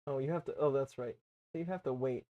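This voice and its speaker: Man, co-host, casual live stream chat, relaxed, tinkering while he talks. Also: mid-range voice, fast, highs cut off, background noise.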